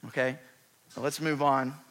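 A man preaching a sermon, retelling scripture in a lively, conversational way with emphatic rises. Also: medium pitch, unhurried.

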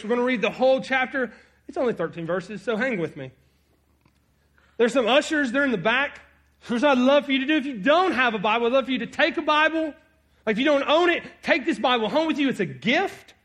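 A man preaching a sermon, reading scripture aloud and swinging between loud emphasis and quiet asides. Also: extremely high pitch. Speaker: pastor.

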